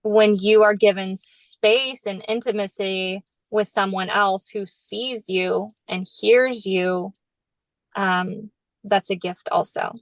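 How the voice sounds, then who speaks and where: A woman's voice: mid-range voice, steady tone, slow pace, no room sound, poor audio. A woman author chatting on a podcast, talking in an earnest, reflective, spiritual way. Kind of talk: casual podcast chat.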